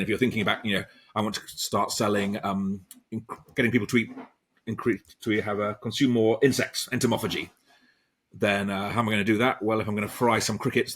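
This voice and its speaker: A professor talks through an interview in a loose, rambling way, often restarting his sentences. His voice sits low and has a husky edge. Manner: rambling, many ums and restarts. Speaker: professor and author, interview guest. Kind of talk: conversational interview answers.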